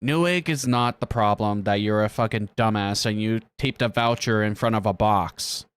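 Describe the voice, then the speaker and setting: A man's voice: on the low side, normal speed, clean tone. A man reacting on a live stream with casual, profane commentary, ranting and laughing often.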